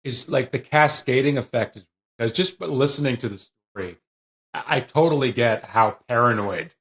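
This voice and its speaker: A man's voice: medium pitch, moderate pace, fairly bright tone. A man guesting on a podcast, reflecting on a film and searching for his words. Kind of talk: casual film discussion.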